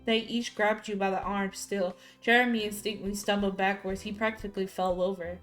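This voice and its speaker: A woman streamer reads a story game aloud in a mid-range voice. She keeps breaking off into loud, profane, excitable reactions. Faint game music plays softly under her voice. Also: medium pitch, a little fast. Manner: loud, profane, excitable outbursts between plain reading. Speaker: gaming streamer.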